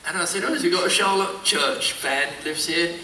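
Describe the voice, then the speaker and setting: A man's voice: high-pitched, moderate pace, bright, forceful tone, slight background noise. Rambling man telling stories, echoey room. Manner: rambling anecdotal storytelling. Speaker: convention panel guest. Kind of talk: casual panel chat. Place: convention panel room. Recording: roomy echo, mic far off.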